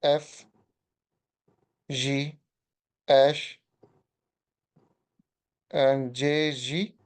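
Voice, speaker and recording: Very low, flat, slow-speaking woman student. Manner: hesitant, tentative. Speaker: language student. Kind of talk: repeating and asking in a lesson.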